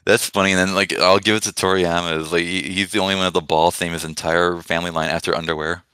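Deep, crisp-voiced man ranting casually. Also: flat delivery, fast, sharp tone, dry recording. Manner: rambling, profane, sarcastic. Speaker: podcast co-host. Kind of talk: casual chat.

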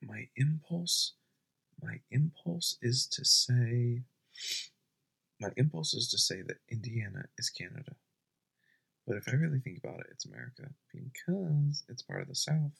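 A young man doing a deadpan comedy bit at home at night, rambling and often dropping to a whisper. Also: mid-range voice, a little slow, vocal fry, slightly rough.

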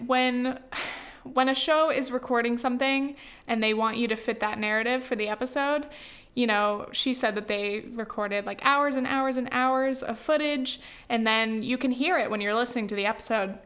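A young woman from the US West Coast rambles through a casual vlog, her voice pitched a little high. She fills her talk with "like" and "you know", with sighs and laughs scattered through. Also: normal speed, fairly bright tone. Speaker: vlogger.

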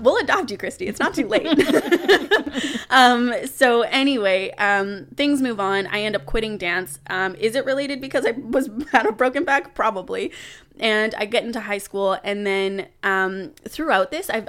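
A young adult woman, a podcast guest, telling a personal story in casual chat, animated, laughing and swearing now and then. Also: on the high side, normal speed.

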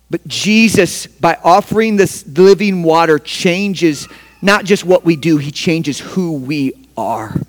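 A man preaching a sermon as pastor, emphatic, with sharp swings from hushed to loud. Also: a little high, big-room sound.

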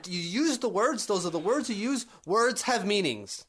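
A man co-hosting a casual sports podcast, with a fairly high voice for a man. He argues his points and works himself up into exasperated rants. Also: lively intonation, normal speed, few pauses, a bit bright, husky. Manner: argumentative, rising to exasperated rants. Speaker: podcast co-host.

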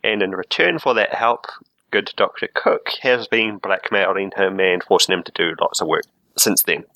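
A man's voice: sits low, normal speed, pushed and bright, no echo, low-quality recording. A man playing a character in a tabletop role-playing game, casually explaining backstory. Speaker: player.

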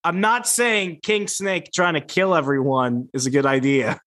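A man's voice: fairly high pitch, steady tone, a little slow, fairly bright tone. A man co-hosting a casual podcast, chiming in with jokes and short bits of song. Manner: jokey interjections, sings snatches of songs. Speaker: podcast co-host. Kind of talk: casual chat.

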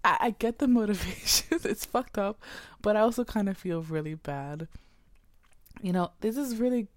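A woman casually recapping a story's plot, swearing freely and dropping quick asides. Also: fairly low pitch, no room sound.

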